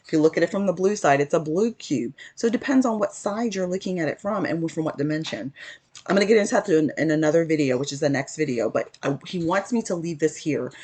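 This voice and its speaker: A woman with a husky, slightly breathy voice that sits on the low side gives a relaxed spiritual teaching straight to camera. She talks earnestly, retelling her story through quoted back-and-forth exchanges and restarting sentences as she goes. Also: fast talker. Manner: earnest, recounting a story with many quoted exchanges and self-corrections. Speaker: Christian teacher sharing a spiritual lesson.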